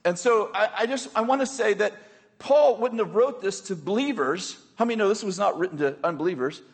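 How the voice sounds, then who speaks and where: A man with a high, husky voice preaches a sermon to his congregation. He talks in a conversational way, checking in with the room and slipping in jokes between points. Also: expressive, fairly quick, in a large hall. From United States. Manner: conversational, joking asides with the congregation. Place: church hall with a congregation.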